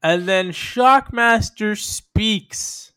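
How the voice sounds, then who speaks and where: A man's voice: sits high, very slow, sharp tone, smooth, dry recording, studio quality. A man co-hosting a podcast, chatting in a sardonic, profane way. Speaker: podcast co-host. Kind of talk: casual chat.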